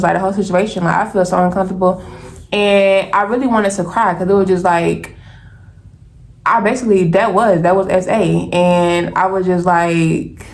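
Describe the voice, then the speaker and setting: Young woman telling her story to the camera, animated, keeps saying y'all. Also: medium pitch. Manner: animated, talks straight to viewers as y'all. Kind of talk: casual storytime vlog.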